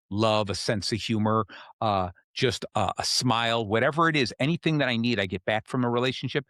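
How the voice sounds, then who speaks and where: A man with a fairly low voice talks through self-help ideas in a relaxed, explanatory way, pausing often to ask "okay?". The recording is close and dry, with almost no room sound. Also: no echo. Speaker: podcast host. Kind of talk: casual self-help talk.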